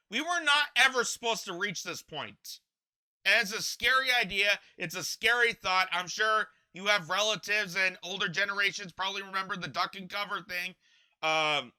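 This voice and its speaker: A man's voice: high voice, sharp tone. A young man hosting political commentary, ranting in an impassioned, indignant way and often repeating himself. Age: young adult.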